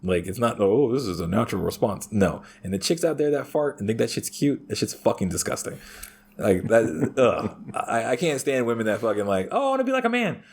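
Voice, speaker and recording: A man's voice: on the low side, fairly quick, creaky, husky. Crude, swearing man telling stories. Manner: crude, heavy swearing, animated storytelling. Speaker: podcast guest. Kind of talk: casual chat.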